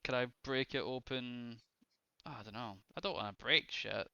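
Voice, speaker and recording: A man playing a tabletop game online, playful and quick to laugh. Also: mid-range voice, gravelly, sharp tone, smooth, dry recording, dull audio. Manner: playful, giggly. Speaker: player.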